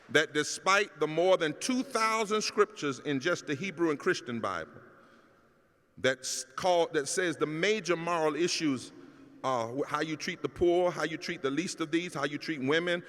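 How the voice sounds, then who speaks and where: A middle-aged man preaches a keynote address with a rousing, rhythmic cadence that builds to shouted peaks. His voice sits somewhat high for a man. The sound carries a long reverb from the large hall around him. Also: normal speed. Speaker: pastor giving a keynote. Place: large hall at a public celebration.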